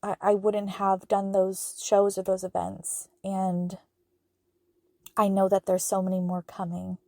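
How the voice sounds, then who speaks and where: A woman's voice: mid-range voice, completely flat delivery, measured pace, creaky, darkish tone, no room sound, clean studio sound. A woman hosting her own podcast as a spiritual medium, talking in an earnest, heartfelt way with plenty of filler words. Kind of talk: casual solo podcast monologue.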